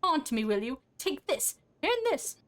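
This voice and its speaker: A woman's voice: medium pitch, expressive, normal speed, fairly bright tone, natural voice. Grumbling sing-song hag, voiced by a woman streamer; sour, mutters to herself. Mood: muttering. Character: sour old woman corpse-robber, mumbling, sing-song.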